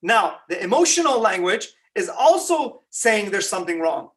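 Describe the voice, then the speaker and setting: A man giving a conversational religious lecture, animated and quizzing his listeners with rhetorical questions. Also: sits high, normal speed, distant mic. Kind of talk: Ramadan lecture.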